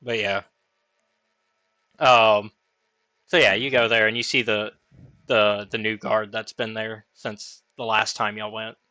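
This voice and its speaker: Bright-voiced man running a tabletop game. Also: on the low side, flat delivery, measured pace, pauses often, no echo. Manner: casual, laughs easily, says y'all. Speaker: game master.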